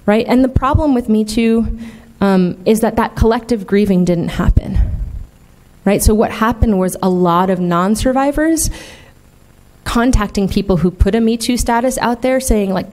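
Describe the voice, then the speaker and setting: A woman's voice: medium pitch, normal speed, a little mellow. A woman speaking candidly and emphatically as a conference plenary speaker, peppering her talk with "like" and "right?". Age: adult, in the field twenty years. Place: conference hall.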